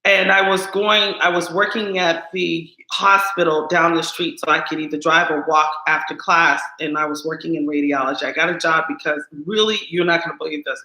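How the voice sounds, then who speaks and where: A woman co-hosting a casual chat, telling a story with animated acted-out quotes. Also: low-pitched, brisk, few pauses. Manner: animated, acts out quoted lines. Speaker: co-host. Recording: roomy echo.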